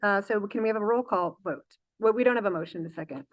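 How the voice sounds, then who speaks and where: A woman's voice: medium pitch, quick pace, no room sound. Woman chairing a board meeting. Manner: procedural, with fillers and self-corrections. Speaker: school board president.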